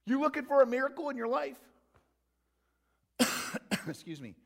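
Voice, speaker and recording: High, gravelly pastor preaching. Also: male voice, unhurried. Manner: animated, acts out the disciples in playful voices. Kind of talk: sermon.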